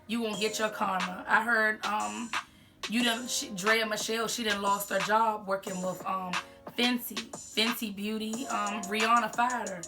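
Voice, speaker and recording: A woman speaking talks casually between bites, candid and profane as she vents. Her pitch sits mid-range for a woman. Music plays clearly in the background. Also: fairly even intonation, moderate pace. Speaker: vlogger. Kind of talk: casual mukbang commentary.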